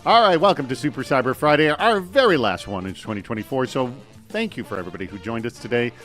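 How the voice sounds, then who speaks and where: A man hosting a live online talk show, chatty and energetic as he runs through announcements and introduces guests. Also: mid-range voice, quick pace, faint music behind.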